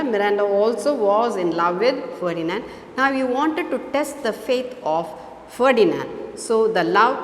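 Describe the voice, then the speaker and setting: A woman teacher with an Indian accent retells a story and explains it slowly, repeating herself and stopping to gloss words. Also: fairly high pitch. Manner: slow explaining with repetitions. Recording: echoey hall with faint noise.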